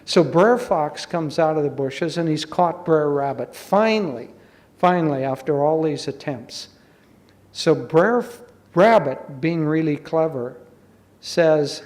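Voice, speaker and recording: A man who teaches spirituality, explaining slowly and gently and telling a folk tale to make a point. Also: a little high. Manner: slow, measured, gently explaining. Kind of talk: spiritual talk with storytelling. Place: college hall.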